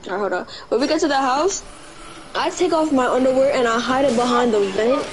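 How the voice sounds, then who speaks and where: A woman streamer chatting while gaming, telling an animated childhood story full of slang and swearing. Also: sits high, brisk, rough recording. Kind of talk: casual chat while gaming.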